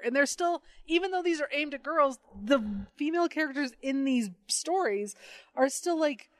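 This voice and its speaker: A woman's voice: sits high, animated, moderate pace, no echo, studio quality. A woman co-hosting a podcast in casual comic chat, sarcastic, swearing freely and laughing often. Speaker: podcast co-host.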